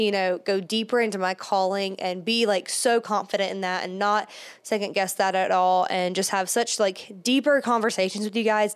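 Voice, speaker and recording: A woman hosting her own podcast in a loose, chatty monologue, her voice smooth and clear. She sounds slightly out of breath and keeps circling back with fillers and restarts. Her pitch sits in an ordinary middle range. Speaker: podcast host. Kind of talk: casual solo podcast monologue.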